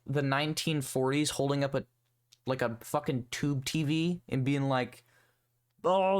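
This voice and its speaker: A young man hosting a solo podcast, rambling and swearing in a sarcastic, casual rant. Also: a little high. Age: young adult. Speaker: podcast host.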